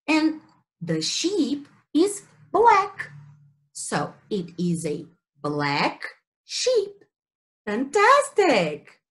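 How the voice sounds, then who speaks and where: This English teacher has a Brazilian Portuguese accent and a high, fairly bright voice. During a children's story time she poses easy questions about animals and colors, drawing them out slowly with exaggerated sing-song phrasing aimed at kids.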